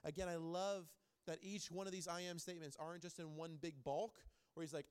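A man's voice: a little high, steady tone, normal speed, clean tone. A man in his thirties preaching a sermon in a church, telling stories with animation and repeating phrases for emphasis. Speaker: pastor.

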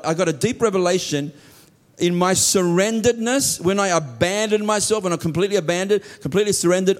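In this sermon, a man speaks with sincere emphasis, often softening to low, gentle tones while praying aloud from the heart.

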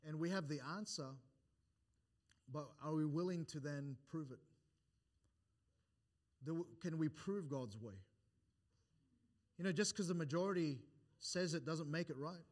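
Speaking a little slowly with long pauses, a slightly high-voiced pastor preaches in church. He quotes scripture in old-style wording, builds his points with rising emphasis, and keeps restarting phrases and repeating words between them.

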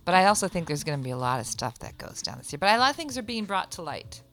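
Woman comic co-host, lower voice, bouncy animated delivery, casual banter. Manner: animated, jokey, quick asides and impressions. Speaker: guest host. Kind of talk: casual podcast chat.

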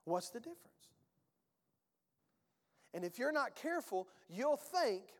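Preaching pastor in a reverberant hall. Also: male voice, high voice, sing-song, measured pace, pauses often. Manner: preaching with emphatic swings in volume. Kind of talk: sermon.

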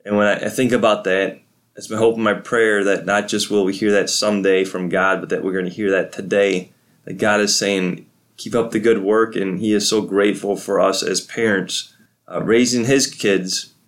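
A middle-aged man with a fairly low voice gives a devotional podcast talk. He is a pastor, and he speaks to parents in an earnest, prayerful and encouraging way. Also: steady tone, normal speed.

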